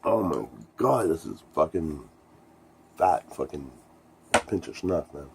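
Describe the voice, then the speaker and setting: A man's voice: extremely low pitch, animated, slow, creaky, background noise. A middle-aged man, a musician, telling a band story to his viewers in a rambling, profane and enthusiastic way. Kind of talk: casual storytelling vlog.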